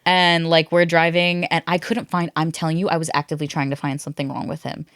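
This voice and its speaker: A woman's voice: low-pitched, little pitch movement, fast talker, a bit bright, no echo, studio quality. A woman in her twenties hosting a podcast, telling a dating story in casual chat and acting out the people she quotes. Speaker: podcast host.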